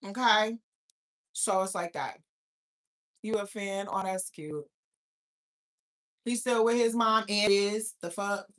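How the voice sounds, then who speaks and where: A woman's voice: medium pitch, takes it slowly, pauses often, a bit bright. A young woman from New York hosting a livestream, ranting casually with heavy profanity and talking back to her chat. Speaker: livestream host.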